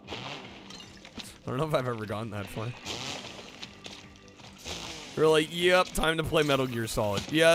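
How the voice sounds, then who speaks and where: A man hosting a casual livestream, chatting in a laid-back way and thanking viewers. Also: on the high side. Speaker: streamer host. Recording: music playing under voice. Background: background music.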